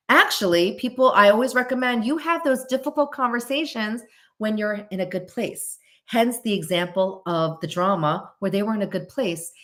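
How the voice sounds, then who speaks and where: Chatty, animated woman clinician. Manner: chatty and animated, with quick jumps in pitch and playful asides. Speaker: clinician and commentator. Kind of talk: casual livestream commentary.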